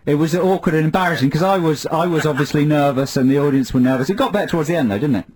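A man's voice: fairly high pitch, racing, a little mellow. A man co-hosting a radio show, chatting casually and wryly with a caller. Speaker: radio host.

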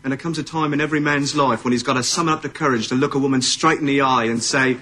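An American actor playing a lovesick ex-boyfriend in a sitcom, with a put-on British accent and stilted, earnest delivery. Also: male voice, mid-range voice, fairly even intonation, fast, bright, forceful tone, slightly rough. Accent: fake British accent. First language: American English. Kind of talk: sitcom acting.

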